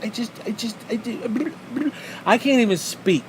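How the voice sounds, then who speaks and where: A man's voice: very high voice, takes it slowly, a little hiss or hum. A man hosting a podcast alone, ranting with heavy profanity and mocking rhetorical questions, exasperated and sarcastic. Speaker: podcast host. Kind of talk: solo ranting podcast monologue.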